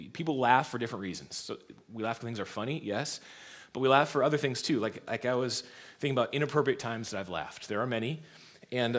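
A man in his thirties, a pastor preaching a sermon in a church, telling stories and laughing along. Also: mid-range voice. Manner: storytelling, laughs often, lively shifts in loudness.

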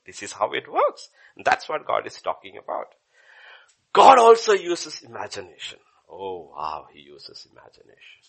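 A male pastor delivers a sermon in a lively, animated voice. He swings between loud, ringing exclamations and low, hushed asides. His pitch sits in a middle register. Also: breathy edge.

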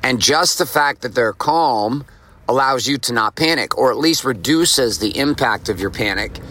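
A man's voice: mid-range voice, animated, moderate pace, pushed and bright, slight background noise. A middle-aged man hosting a podcast, telling a casual story and repeating his key lines for emphasis. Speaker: podcast host.

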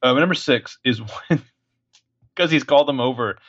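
A man co-hosting a casual movie podcast, animated and profane, acting out scenes as he talks. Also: mid-range voice, normal speed, dry recording, highs cut off. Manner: animated, profane, acts out lines. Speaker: podcast co-host.

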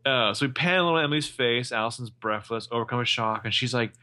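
A man co-hosting a casual podcast, recapping a TV episode with a chatty manner, quick asides and frequent laughs. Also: medium pitch, sharp tone. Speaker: podcast co-host.

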